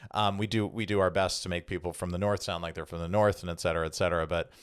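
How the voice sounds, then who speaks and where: Deep-voiced man, rambling podcast chat. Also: steady tone, fast, smooth, no echo, clean studio sound. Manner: rambling, self-correcting explanations. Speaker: podcast co-host. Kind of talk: casual chat.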